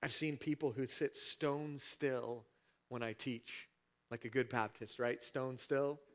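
A man preaching a sermon as pastor, dropping to a hush and then rising to shouts as he acts out scenes from the passage. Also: mid-range voice, fairly even intonation, takes it slowly. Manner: dramatic swings from hushed to shouting, acting out scenes.

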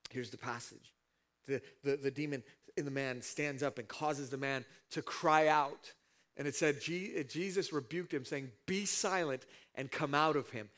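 Impassioned male preacher swinging loud and soft. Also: a little high. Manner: dramatic swings from hushed to shouting, acting out scenes. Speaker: pastor. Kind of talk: sermon.

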